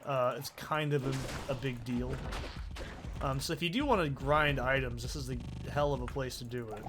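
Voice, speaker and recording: A young let's play host casually comments on his own gameplay, talking to himself excitably and swearing often. His voice is medium in pitch, and there's noise in the background.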